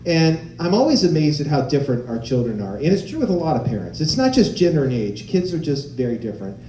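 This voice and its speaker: Animated stand-up comic, mellow roomy voice. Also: male voice, on the high side, fast talker, slight background noise. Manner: animated storytelling, acting out quoted voices. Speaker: stand-up comedian. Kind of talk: stand-up comedy. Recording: roomy live-venue sound.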